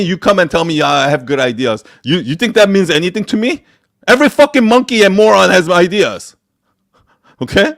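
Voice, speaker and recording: A man with a somewhat high-pitched voice talks straight to his viewers in a live Q&A. He is blunt and profane, drives each point home by repeating it, and speaks with forceful conviction. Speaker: host answering live questions.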